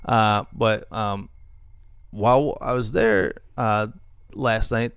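A man's voice: lowish voice, fairly even intonation, takes it slowly, fairly bright tone, clear, resonant tone, no room sound, clean studio sound. A man co-hosting a paranormal podcast, chatting casually with lots of fillers and restarts. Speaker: podcast co-host. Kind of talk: casual chat.

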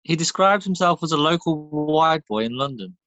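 A man's voice: on the high side, animated, moderate pace, pushed and bright, dry recording. A man co-hosting a comedy podcast, chatting casually with dry, joking banter. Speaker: podcast co-host.

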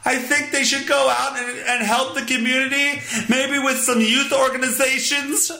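A prissy, indignant objector, as a man puts him on, raised high and prim with a bright, tense tone. There is an echoey room around it. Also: level tone, moderate pace, vocal fry, heavily acted.

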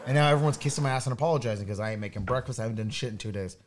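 A man's voice: medium pitch, very fast, heavy background noise. A man telling a rambling, profane story in casual chat, with many stumbling restarts.

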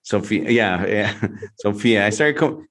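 A man's voice: lowish voice, a little slow. A man hosting a podcast in casual chat, telling stories in a rambling way with many restarts. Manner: rambling, restarts often, animated storytelling.

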